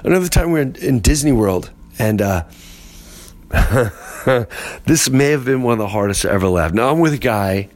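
A man hosting a podcast, telling a comic story with animated delivery and acting out other people's voices. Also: mid-range voice, normal speed. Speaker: podcast host.

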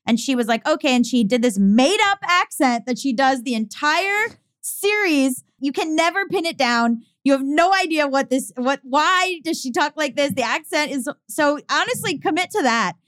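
A young woman co-hosting a podcast in casual, chatty conversation, animated and full of trivia. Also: high-pitched, normal speed, hardly any pauses, no room sound. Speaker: podcast co-host. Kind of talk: casual chat.

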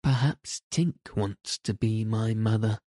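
A man voicing a puzzled, anxious young boy in a slow, low storybook reading. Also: warm tone, no echo, studio quality. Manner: boyish and uneasy.

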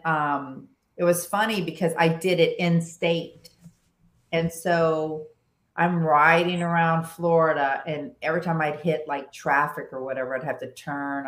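Telling a story in casual podcast chat, this guest, a woman who rides motorcycles over long distances, speaks in a low voice. Animated, she keeps restarting her sentences and performs what others said. There's an echoey quality to the room.

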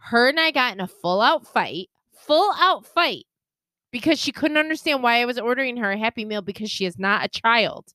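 A middle-aged woman co-hosting a casual chat, telling animated stories and swearing freely. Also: on the high side, normal speed, dry recording. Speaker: podcast co-host.

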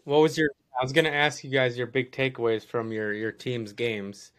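A man co-hosting a casual sports chat, relaxed, asking questions and making dry remarks. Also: mid-range voice, normal speed. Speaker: podcast co-host.

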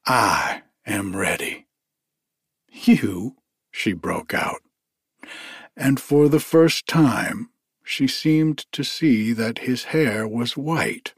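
A man narrating a story in a measured, deliberate reading. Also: medium pitch, animated, dry recording, studio quality.

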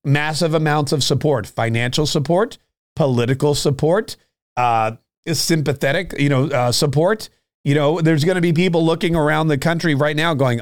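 A man delivering a political monologue in a fired-up, sarcastic way. His voice sits a little higher than most men's. He repeats himself as he builds each point. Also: animated, normal speed. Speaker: political commentary host.

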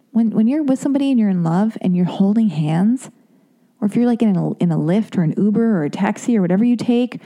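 Chatty rambling woman podcast host. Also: mellow. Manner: chatty, rambling, self-deprecating; acts out quotes in a high squeaky voice. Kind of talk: casual monologue.

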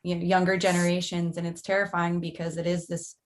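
A woman host speaks in a low, even voice with little melody. She muses aloud while putting a considered question to her guest. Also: brisk. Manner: affirming, thoughtful questions. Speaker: podcast host. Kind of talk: interview chat.

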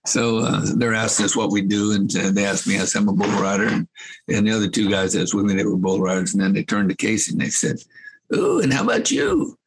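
An older man telling folksy, rambling anecdotes as a guest. He laughs at his own tales and fills pauses with fillers. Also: lowish voice, flat delivery, husky, poor audio.

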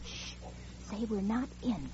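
A woman's voice: medium pitch, lively intonation, normal speed, very noisy, lightly acted. An actress playing a sensible, exasperated young working woman in 1940s radio comedy, with a wisecracking delivery. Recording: dull old radio recording with studio audience.

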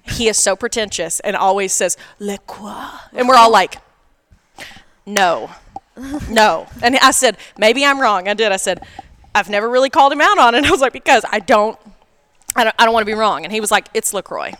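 Chatty woman co-host, bright and forceful tone, slightly high, dry close sound; animated storyteller. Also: fairly quick, no echo. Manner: animated storyteller, acts out quoted dialogue. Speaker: podcast co-host. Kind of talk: casual chat.

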